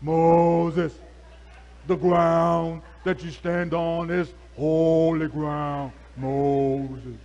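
A man voicing God as a commanding figure who gives slow, solemn commands to a prophet. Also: on the high side, level tone, gravelly, darkish tone, lo-fi sound, exaggerated voice.

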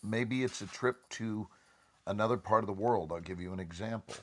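On a panel talk, a man who is an actor and guest delivers his words deliberately and in measured fashion. His lowish voice moves through expressive inflection shifts.

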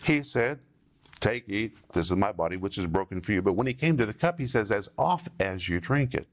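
A middle-aged man preaching a sermon, teaching verse by verse with slow, deliberate emphasis on key words. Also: fairly low pitch, animated.

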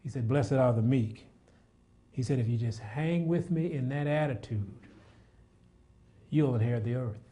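A male preacher delivering a sermon in a warm, relaxed-toned voice. He swells into loud, rapid exhortation, stumbling over repeated words, then sinks to soft, intimate prayer. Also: mid-range voice. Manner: repeats words when worked up.

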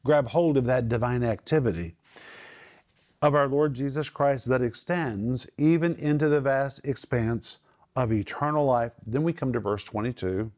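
A man teaching from the Bible, explaining Greek words with emphatic, drawn-out stress on key phrases. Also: mid-range voice, a little mellow.

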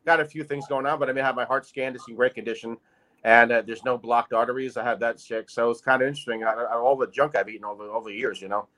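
Relaxed joking man in his sixties. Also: mid-range voice, fast. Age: 60s. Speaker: guest comedian. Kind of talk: casual interview chat.

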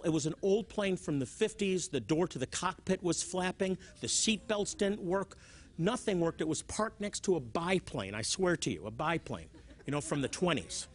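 Animated male Bible teacher, lively pitch. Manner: animated, repeats words, acts out examples. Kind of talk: televised teaching with stories.

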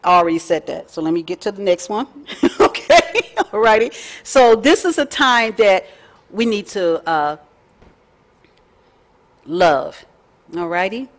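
A woman, teaching a faith lesson in a folksy, chatty way with lively asides. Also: mid-range voice, unhurried, pauses often. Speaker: Bible study teacher. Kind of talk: casual teaching talk.

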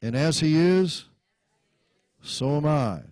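High-voiced, laughing preacher, unhurried. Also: male voice, expressive, dry recording. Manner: laughs out loud often, calls on the congregation to repeat; repeats and restarts words while reading scripture. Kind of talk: sermon.

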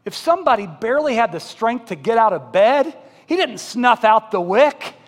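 A man preaching a sermon as pastor, moving between loud emphatic build-ups and soft, slow pleas, and asking his congregation direct questions. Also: very high-pitched, very animated, big-room sound. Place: church sanctuary.

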